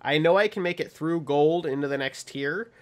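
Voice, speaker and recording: A man's voice: a little high, moderate pace. Rambling, chatty podcast host man. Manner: rambling, many ums, laughs while telling stories. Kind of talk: casual chat.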